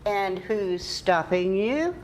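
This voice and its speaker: A woman's voice: medium pitch, expressive, slow pace, a little mellow, slight background noise. An older woman acting a sarcastic friend with dry, teasing humor in a TV drama.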